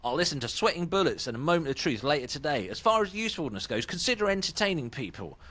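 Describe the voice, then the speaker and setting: A man's voice: fairly high pitch, big pitch swings, fast, sharp tone, pitched above the performer's own voice, full character voice. A British man reading out an angry male online commenter's rant in a mocking put-on voice. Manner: mock-indignant comic reading.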